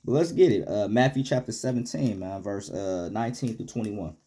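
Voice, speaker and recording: A man teaching a Bible lesson in casual street slang, reading verses aloud and ending many phrases with "man," shifting from loud rebukes to low, quiet asides. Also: a little fast. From United States.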